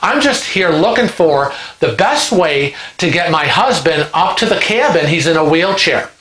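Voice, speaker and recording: A man's voice: a little high, animated, moderate pace, fairly bright tone. A man voicing an indignant, flustered male passenger who stammers defensively. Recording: roomy echo.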